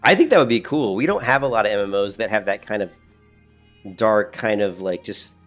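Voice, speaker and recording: A man's voice: on the low side, a little fast, a bit bright, faint music behind. A middle-aged man chatting casually while streaming a game, rambling, swearing and laughing at his own stories. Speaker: gaming streamer.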